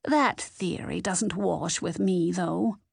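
A woman reading the part of a shrewd older grandmother who talks in a dry, pointed, unhurried way. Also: fairly low pitch, vocal fry, slightly rough, dry recording, full character voice.

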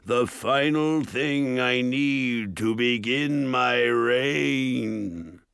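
A man voicing a menacing horned male ogre warlord, who speaks slowly, loudly and with scorn in an audiobook. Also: medium pitch, creaky, smooth, no room sound, clean studio sound, exaggerated voice. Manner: slow, commanding and scornful. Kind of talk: audiobook character voice.

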